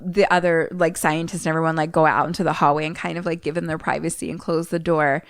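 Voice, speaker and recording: A woman's voice: sits low, level tone, quick pace, no room sound. A woman co-hosting a podcast, casually retelling a film and acting out its characters' lines.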